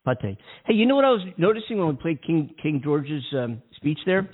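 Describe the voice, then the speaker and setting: Male radio co-host, husky, lively pitch, chatty and rambling, phone-quality audio. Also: moderate pace. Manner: rambling, laughs often. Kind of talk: casual radio chat. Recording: tinny phone-line sound.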